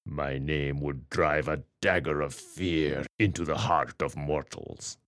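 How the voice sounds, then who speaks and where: A man's voice: very deep voice, fairly even intonation, takes it slowly, fairly bright tone, no echo, studio quality, exaggerated voice. A man voicing a vain, theatrical male vampire who declaims melodramatically. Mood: grandiose.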